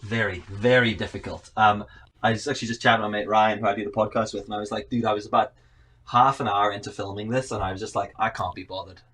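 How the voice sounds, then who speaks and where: Man, South African accent blended with Northern Irish, fairly low voice, 30s, rambling storyteller, remote guest. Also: steady tone, fast talker, fairly bright tone, a little hiss or hum. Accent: South African mixed with Northern Irish. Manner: rambling, self-deprecating storyteller. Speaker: podcast guest. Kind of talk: casual chat.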